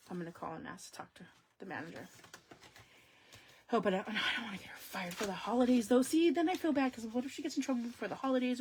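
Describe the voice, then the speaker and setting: A woman hosting a casual crafting live stream, talking straight to her viewers with sudden loud exclamations and hushed asides. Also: a little high, heavy background noise.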